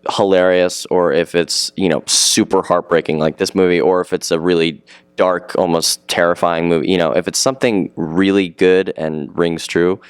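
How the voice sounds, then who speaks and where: A man's voice: low voice, steady tone, normal speed, clear, resonant tone, no echo. A seventeen-year-old male actor chatting eagerly in an interview, rambling and repeating himself as he talks. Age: teens. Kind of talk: casual interview chat.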